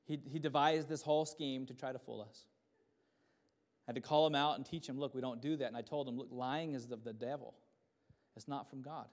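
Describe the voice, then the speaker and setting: A man in his thirties preaching a sermon at a church service, swinging between loud fervent passages and soft hushed ones. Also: medium pitch. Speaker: pastor.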